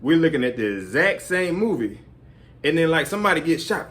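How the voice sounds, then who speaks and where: A man with a slightly higher voice talks casually and rambles, dropping filler words constantly. His delivery is loose and conversational. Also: sing-song, fairly quick, a bit bright. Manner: rambling, full of fillers like "man" and "you know". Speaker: vlogger. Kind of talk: casual advice talk.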